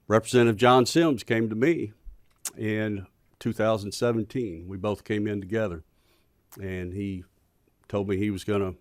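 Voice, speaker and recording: A man, a state representative, giving remarks at a committee hearing in a halting way with frequent pauses. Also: on the low side, dry recording.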